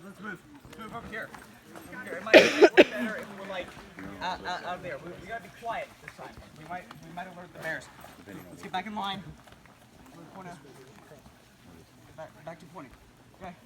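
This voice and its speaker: A high-voiced man announces campfire skits and gives the group orders. He stumbles and repeats himself as he talks. Noise runs under the outdoor recording. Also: a little fast, pauses often. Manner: stumbling, bossy repetitions. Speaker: skit announcer and performer. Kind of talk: campfire skit.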